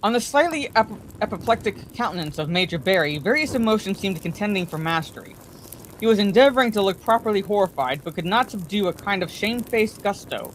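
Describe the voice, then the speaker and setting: A woman reading a novel aloud as a bedtime story, in a measured, calm way. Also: mid-range voice, a little hiss or hum.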